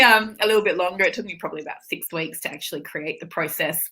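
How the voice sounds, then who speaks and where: A middle-aged woman, a spiritual teacher, telling her story in a casual interview with candid, expressive talk and the odd swear word. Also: on the low side, quick pace, few pauses.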